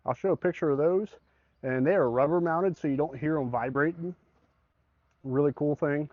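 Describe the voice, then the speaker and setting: A man whose voice sits on the high side talks at normal speed while showing off a truck bed. His tone is casual, and he explains the specs without fuss. The audio is dry, slightly dull, and free of room sound.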